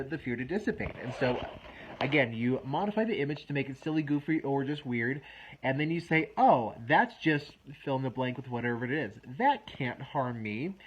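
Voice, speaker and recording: A man in his thirties, a wellness coach, explaining a method step by step in a relaxed, self-deprecating way. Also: medium pitch, husky, dull audio. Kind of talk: instructional talk to camera.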